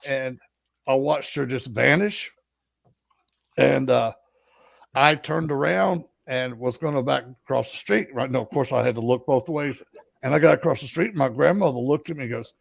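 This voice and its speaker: A man's voice: medium pitch, moderate pace, gravelly, dry recording. A middle-aged man from Alabama with a Southern accent, telling ghost stories as a co-host in a folksy, rambling, casual way. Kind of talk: casual storytelling chat.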